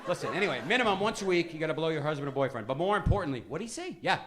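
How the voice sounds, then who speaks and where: Animated, high-pitched middle-aged comedian. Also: male voice, rapid-fire, background noise. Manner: animated, emphatic, repeats "listen" to hold the crowd. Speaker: stand-up comedian. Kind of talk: stand-up comedy set. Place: comedy club stage. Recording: live club with crowd laughter. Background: audience laughing and reacting.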